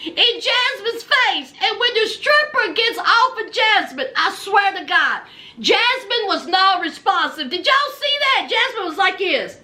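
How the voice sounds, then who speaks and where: A woman, tipsy, recapping a reality show in a casual, animated storytelling way, acting out what people said. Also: very high-pitched, measured pace. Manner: animated storyteller, acts out quotes, laughs. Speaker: recap commentator.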